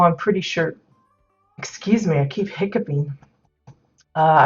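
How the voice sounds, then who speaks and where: A woman hosting a live stream, thinking aloud in a hesitant way and filling pauses with many ums and uhs. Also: deep voice, dull audio. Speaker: stream host showing player-built game housing.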